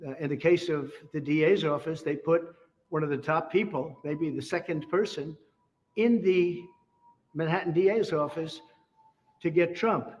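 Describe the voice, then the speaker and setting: A man making emphatic public remarks, full of repetition and big claims. His voice sits somewhat high. The recording is muffled and lo-fi, with a long hall reverb behind it. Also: darkish tone. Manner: emphatic, repetitive, boastful, superlatives. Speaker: politician.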